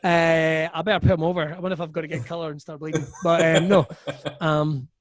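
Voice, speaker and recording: A Scottish man, a comedian guest, telling stories in a profane, animated way on a podcast. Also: fairly high pitch, fairly quick, no echo. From Scotland. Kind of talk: casual storytelling chat.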